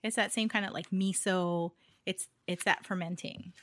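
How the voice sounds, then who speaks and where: A woman's voice: lowish voice, steady tone, normal speed, fairly bright tone, dry recording. A woman from Hawaii co-hosting a casual chat, talking freely with fillers and frequent laughter. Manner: chatty, laughs often, trails off with fillers. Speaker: podcast co-host.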